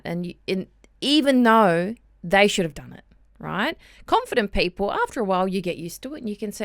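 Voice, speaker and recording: A woman's voice: lowish voice, lively intonation, a little fast, creaky, no echo, studio quality. A woman from Australia in her forties or older, a blunt, straight-shooting interview guest who acts out workplace exchanges. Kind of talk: interview chat.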